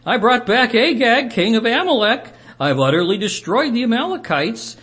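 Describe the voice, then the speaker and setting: A man's voice: very high-pitched, very animated, moderate pace, fairly bright tone, voice pushed up, exaggerated voice. A man voicing an ancient king who insists he has obeyed and justifies himself, read aloud during a Bible lesson. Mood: indignant. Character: ancient male king, proud and defensive.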